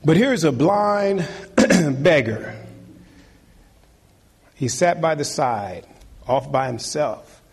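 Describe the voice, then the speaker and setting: A man with a fairly high, husky voice preaches a sermon. He drives his points home by repeating key phrases and urging the congregation to take note. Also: drawn-out words, long pauses. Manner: emphatic, repeats key phrases, exhorts listeners.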